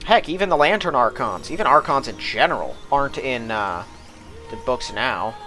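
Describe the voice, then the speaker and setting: Male gameplay host, mid-pitched voice, casual and wry, faint music behind. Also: animated, moderate pace, pushed and bright. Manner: casual, wry asides, reads game text aloud. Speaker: let's play host.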